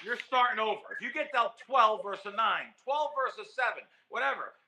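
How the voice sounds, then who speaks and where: A man being interviewed as a guest, telling a story in a lively, emotional way with frequent restarts and repeated words. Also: high-pitched, a little fast, vocal fry, background noise. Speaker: guest, professional sports bettor.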